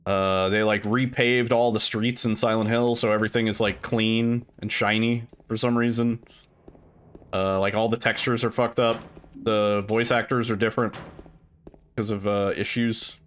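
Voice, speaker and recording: A man's voice: lowish voice, level tone, normal speed, a bit bright, a little hiss or hum. A man streaming a game, chatting casually and swearing freely with lots of filler words. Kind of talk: casual chat while gaming.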